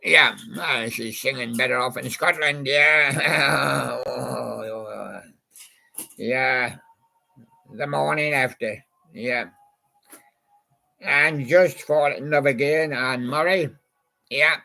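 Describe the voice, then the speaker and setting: Slow, gravelly man rambling to himself. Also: mid-range voice, sharp tone. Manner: meandering, reminiscing about old songs and talking to a toy badger. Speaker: channel host. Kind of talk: rambling casual monologue.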